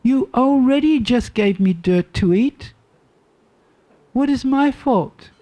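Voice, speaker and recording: A woman's voice: high voice, animated, warm tone, voice pushed up. A woman doing a pleading little boy. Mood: pleading, arguing. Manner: pleading, arguing in quick rising questions.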